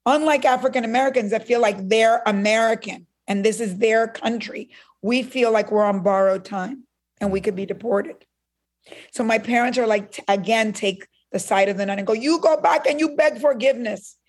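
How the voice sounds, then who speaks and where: A woman's voice: fairly high pitch, moderate pace. A woman from Cuba telling a story as a guest in a conversation, acting out the voices she quotes. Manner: animated, acts out quoted voices.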